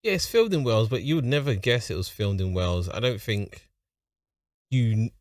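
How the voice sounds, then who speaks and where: A man's voice: on the low side, animated, moderate pace, dry recording, studio quality. A man with a London accent hosting a reaction video, talking in a rambling, offhand way and chuckling at his own remarks. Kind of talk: casual reaction commentary.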